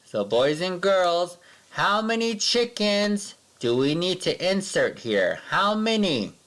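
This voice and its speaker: A man teaching a remote math lesson to small children, with a fairly high voice that leaps up and down in a lively sing-song. He talks slowly and patiently and stretches out the numbers as he counts along with his pupils.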